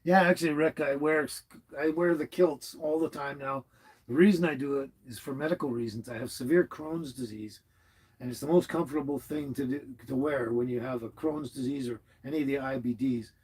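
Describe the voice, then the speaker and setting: A man's voice: mid-range voice, fairly quick, breathy edge, low-quality recording. A man hosting a casual live stream, rambling and chuckling as he answers his chat from inside his motorhome. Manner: rambling, chuckling, warmly chatty. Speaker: livestream host reading chat.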